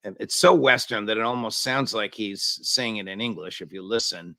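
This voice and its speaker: A male interview host with a gravelly, bright edge to his voice. He probes his guest with searching questions, stopping often to restart his sentences. The sound is dry and close to the mic. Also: fairly low pitch, dry recording. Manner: probing, pauses with fillers and restarts. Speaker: show host.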